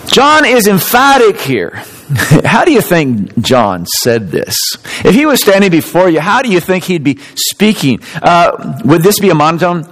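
A man preaching in a church, his voice sitting a little high for a man. He delivers his sermon with animated swings, rising to emphatic peaks and dropping back to quiet, softer reflection. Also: moderate pace, poor audio. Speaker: pastor.

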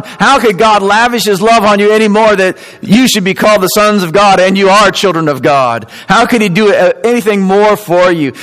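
A man preaching in a church, his voice sitting a little high for a man. He delivers his sermon with animated swings, rising to emphatic peaks and dropping back to quiet, softer reflection. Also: low-quality recording. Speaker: pastor.

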